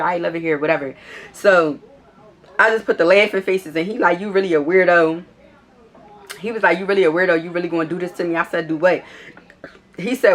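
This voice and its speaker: A woman's voice: low voice, a bit bright. A woman vlogger telling a casual storytime in a blunt, profane and sassy way.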